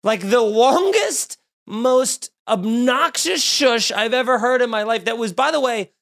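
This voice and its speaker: A man tells a story on a podcast in a casual, animated way. His voice sits high for a man, and it shoots up further whenever he gets excited. He swears freely as he rambles. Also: unhurried, vocal fry. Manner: animated, swearing, rising pitch when excited. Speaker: podcast host.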